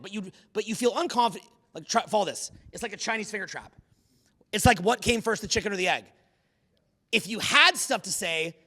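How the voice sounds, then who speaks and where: A man giving a live seminar talk to an audience, animated and profane, firing questions at the crowd. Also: very high-pitched. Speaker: seminar speaker. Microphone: unamplified handheld mic.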